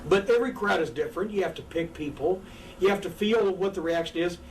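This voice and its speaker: Brief: older ex-wrestler guest, high and animated, cursing freely, heard from a distant mic with faint room noise. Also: male voice, quick pace. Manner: profane, animated, acts out crowd and wrestler voices. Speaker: former pro wrestler, guest. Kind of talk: candid interview storytelling. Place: indoors, seated on a couch.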